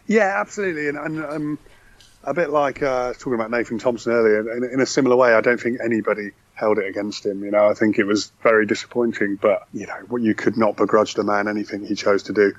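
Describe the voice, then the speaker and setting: A man's voice: fairly low pitch, fast, no echo. Podcast guest: man, enthusiastic chatter full of restarts, dry dull-sounding line. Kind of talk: casual football chat.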